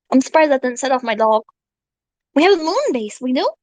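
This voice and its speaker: A woman streaming live, chatting casually with her viewers in an excitable, rambling and profane way, reading out donations. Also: sits high, normal speed, no echo, rough recording.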